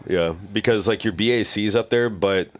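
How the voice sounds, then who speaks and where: Deep voiced guy hosting a podcast, animated storyteller, dry close sound. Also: moderate pace, no echo. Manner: animated storyteller, acts out quotes loudly. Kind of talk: casual podcast chat.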